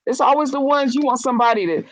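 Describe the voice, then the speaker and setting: A woman, chatting casually on a live stream, animated and blunt, acting out quotes with big jumps in pitch. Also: fast, low-quality recording. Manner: blunt and profane. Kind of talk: casual chat.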